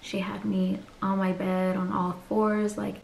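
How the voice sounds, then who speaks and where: A woman's voice: medium pitch, little pitch movement, unhurried, creaky, darkish tone, reverberant, slight background noise. A woman vlogger telling a personal story in a candid, chatty way and acting out the people she quotes.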